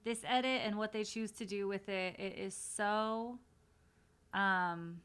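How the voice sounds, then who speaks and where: A woman's voice: medium pitch, steady tone, slow, a bit bright, clear, resonant tone. A woman streamer giving casual, blunt reaction commentary while hosting a watch party, talking with frank, chatty swearing.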